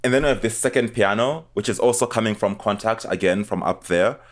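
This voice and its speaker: Low-voiced man explaining beat production. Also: brisk. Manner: relaxed step-by-step explaining, often trailing off before playing sounds. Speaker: music producer. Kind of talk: screen-recorded music production tutorial. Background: music playing between lines.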